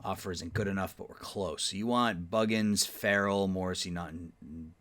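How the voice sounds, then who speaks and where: Man, low-pitched, drowsy let's-play commentator mulling roster moves out loud. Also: steady tone, moderate pace. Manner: thinking aloud, sleepy, yawning often; mutters trade talk to the game's teams. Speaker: gaming YouTuber playing a baseball management sim.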